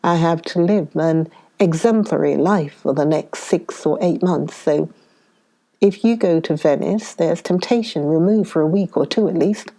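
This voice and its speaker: A woman reading the lines of an English gamekeeper, a man with a cool, dry, gently mocking tone. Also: deep voice, measured pace. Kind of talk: audiobook dialogue reading.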